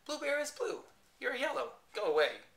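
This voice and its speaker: A storyteller voicing a stern, fussy mother bear who turns visitors away in a high, emphatic voice. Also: sing-song, moderate pace, vocal fry, a bit bright, roomy sound, heavily acted. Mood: dismissive.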